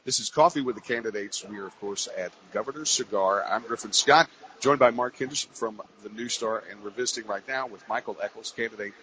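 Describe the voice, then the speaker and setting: Chatty, low-voiced Louisiana radio host. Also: male voice, a little fast, bright, forceful tone, slight background noise. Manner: chatty and jovial, with fillers. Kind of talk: live radio talk show hosting. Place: cigar shop, live remote broadcast. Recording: dull lo-fi radio broadcast.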